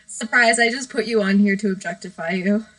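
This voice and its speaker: A woman's voice: medium pitch, brisk, fairly bright tone, poor audio. A woman hosting a casual live stream from her bedroom, rambling, giggly and self-deprecating. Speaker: livestream host.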